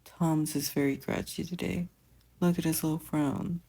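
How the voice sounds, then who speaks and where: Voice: medium pitch, steady tone, moderate pace, vocal fry, husky. Wilbur, a doting big brother, read aloud. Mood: tender. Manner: soft, coaxing, tender teasing. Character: gentle teenage older brother, doting. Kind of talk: fan fiction audiobook reading.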